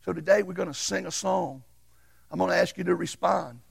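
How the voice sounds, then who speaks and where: Gravelly high-voiced preacher. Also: male voice, a little fast. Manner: folksy, storytelling preacher who swings between loud and hushed. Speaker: pastor. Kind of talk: sermon. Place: church sanctuary.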